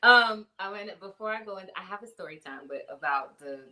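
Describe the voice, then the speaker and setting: A woman's voice: mid-range voice, lively intonation, fairly quick, sharp tone. A woman with an ordinary mid-range voice hosting a casual faith talk show. She chats loosely and reads viewer comments aloud. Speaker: host.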